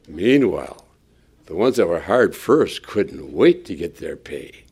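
Gravelly, animated male preacher. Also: low voice, a little slow. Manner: animated storytelling, acts out quotes. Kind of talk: sermon.

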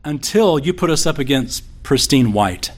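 A man's voice: fairly high pitch, animated, moderate pace. A man preaching a sermon as pastor, conversational and folksy, slipping in corny jokes.

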